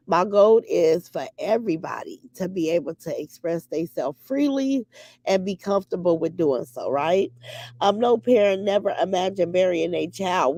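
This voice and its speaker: Woman, middle-aged, livestream host, gravelly, dry close sound, candid, emotional. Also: fairly low pitch, dry recording. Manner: emotional, candid, swings from grief to loud laughter. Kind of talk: casual livestream chat reading comments.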